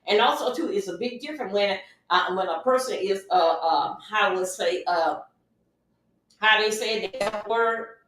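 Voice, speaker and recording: A woman's voice: medium pitch, measured pace, a bit bright. A woman hosting a casual livestream, chatty and emphatic, often repeating her phrases. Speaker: livestream host. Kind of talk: casual livestream advice talk. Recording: very echoey room, mic far off.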